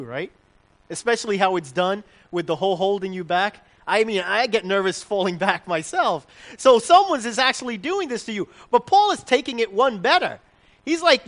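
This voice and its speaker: A man with a high, slightly bright voice preaches a conversational sermon. He asks the congregation questions and often restarts his sentences.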